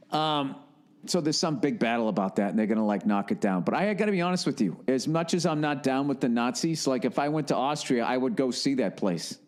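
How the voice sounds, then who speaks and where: Animated and fairly quick, this medium-pitched male voice belongs to a solo podcast host. His comic monologue rambles, full of profanity, sarcastic jabs and constant tangents.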